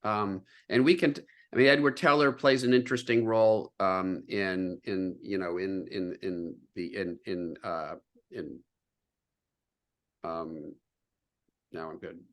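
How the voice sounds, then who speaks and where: A man's voice: low voice, fairly even intonation, unhurried, a bit bright. A man being interviewed as a scientist on a video call, explaining earnestly with frequent fillers and restarts. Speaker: guest scientist.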